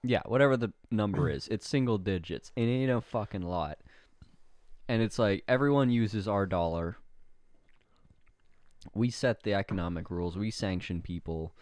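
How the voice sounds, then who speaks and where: A young man from Canada co-hosting a podcast, giving blunt opinions at a deliberate pace with casual swearing. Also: on the low side, a little mellow, dry recording. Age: young adult. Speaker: podcast co-host. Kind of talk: casual chat.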